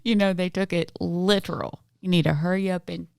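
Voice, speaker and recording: Female podcast co-host, low smooth voice, animated joke teller, dry close mic. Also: fairly quick. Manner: laughs often, animated joke telling. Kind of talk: casual chat, telling jokes.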